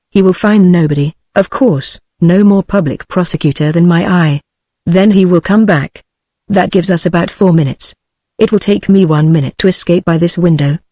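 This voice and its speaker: A woman's voice: lowish voice, dry recording, clean studio sound, natural voice. A woman with a British accent, a synthetic voice, reading the lines of a ruthless, misshapen male clerk holding a gun. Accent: British English. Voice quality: even synthetic delivery.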